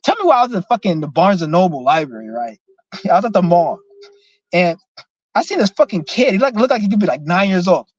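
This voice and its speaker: Profane high-voiced young man ranting. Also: fairly quick, dull audio. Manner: profane, animated storytelling with frequent cursing. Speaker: vlogger. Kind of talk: casual storytime rant.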